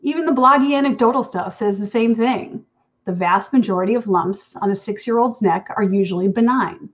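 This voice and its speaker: A woman's voice: medium pitch, fairly quick, lo-fi sound. A woman author reading her own story aloud in an intimate, wry second-person voice. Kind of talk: reading fiction aloud at an online event.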